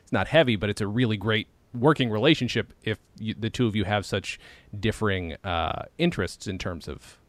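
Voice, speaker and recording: A man's voice: fairly low pitch, brisk, no echo. A man hosting a casual interview chat, enthusiastic and laughing often. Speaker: podcast host. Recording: dry close sound.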